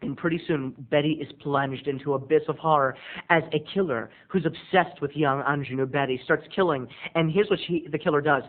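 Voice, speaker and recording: A man giving a casual, animated, campy movie review as a video blogger. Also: a little high, brisk. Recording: tinny lo-fi recording.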